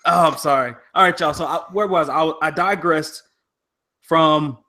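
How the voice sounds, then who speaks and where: A man's voice: on the high side, measured pace, pushed and bright. A young man co-hosting a casual podcast, chatting easily and answering listeners. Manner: laid-back, chatty, reads listener comments. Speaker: podcast co-host.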